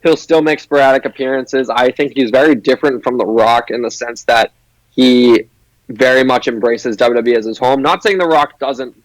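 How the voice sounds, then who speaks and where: A man's voice: medium pitch, dry recording, low-quality recording. Young guy guesting on a show, talks eager and chatty, says like a lot, medium voice, dry mic. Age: young adult. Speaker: guest, broadcasting student. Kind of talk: casual interview chat.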